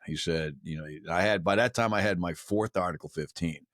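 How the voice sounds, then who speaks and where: A deep-voiced man in his sixties, a military veteran appearing as a podcast guest, tells stories at a normal pace in a blunt, profane, slangy style, calling people "man" and "dude." His tone is a bit bright, and the studio-quality recording has no room sound.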